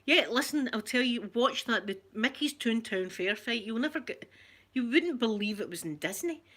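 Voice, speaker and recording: A middle-aged Scottish woman chatting softly for an ASMR video, telling stories in a relaxed, rambling way with local words. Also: a little high, moderate pace. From Scotland. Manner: chatty storytelling, local words like wee and yous. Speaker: ASMR creator. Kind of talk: soft-spoken ASMR chat.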